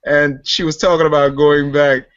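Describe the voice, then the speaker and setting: Podcast dude chatting easy, slightly high voice, dull noisy audio. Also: male voice, little pitch movement, normal speed, a bit bright. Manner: laid-back anecdote-telling, laughs often. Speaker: podcast co-host. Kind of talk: casual storytelling.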